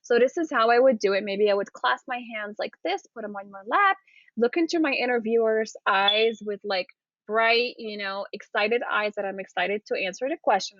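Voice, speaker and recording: A woman's voice: fairly high pitch, no room sound, muffled recording. A woman coaching viewers on interview manners, often checking in with "okay?" and "right?" as she demonstrates. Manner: encouraging, repeats "okay?" and "right?". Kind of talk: demonstrating to camera.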